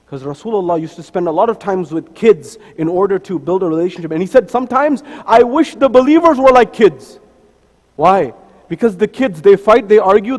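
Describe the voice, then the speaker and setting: A man's voice: high-pitched, a little mellow. A man delivering an earnest, emphatic sermon as a preacher in a mosque, his voice rising and falling in force. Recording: mosque hall with long reverb.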